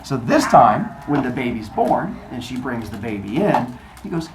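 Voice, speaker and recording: A woman retelling a myth in a lively comic way, joking and quizzing her listeners. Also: extremely low pitch, moderate pace. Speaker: storyteller. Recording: echoey room, noisy.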